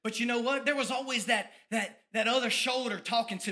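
Fired-up preacher man, bright voice. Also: very high voice, fairly quick, hardly any pauses. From Tampa, Florida. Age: 30s. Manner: fired-up preaching, drops to soft reflective tones. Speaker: ministry founder giving testimony. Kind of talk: testimony sermon.

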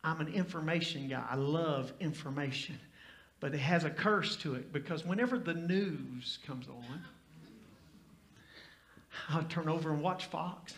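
A pastor from Tennessee, telling stories and building up to loud, fiery preaching in a church. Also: male voice, on the high side, a little slow, roomy sound. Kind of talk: sermon.

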